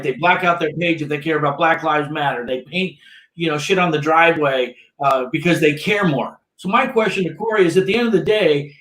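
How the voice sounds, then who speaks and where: Guy calling in, cursing and arguing hard, kinda high voice, echoey room. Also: a bit bright. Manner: blunt, profane, combative. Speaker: caller. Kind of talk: blunt opinionated argument.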